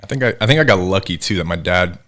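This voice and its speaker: A man in his thirties from New Jersey tells stories as a podcast guest. His voice sits very low and his words come out quick. He brings the people he quotes to life as he talks. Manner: animated, acts out quoted voices. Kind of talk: casual storytelling interview.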